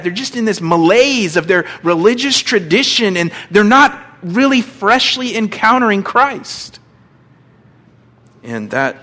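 A middle-aged man preaching a sermon, reading scripture and acting out quotes with big swings between loud and quiet. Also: sits high. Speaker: pastor.

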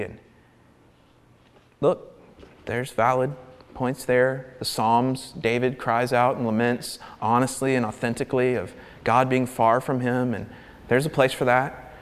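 A man preaching a sermon, animated and emphatic, sometimes dropping his voice to a near-whisper for emphasis. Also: mid-range voice, unhurried, clear, resonant tone, long reverb tail.

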